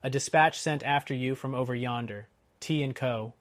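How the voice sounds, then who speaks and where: A man doing a hoarse messenger rider. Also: mid-range voice, normal speed, dry recording, lightly acted. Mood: insistent.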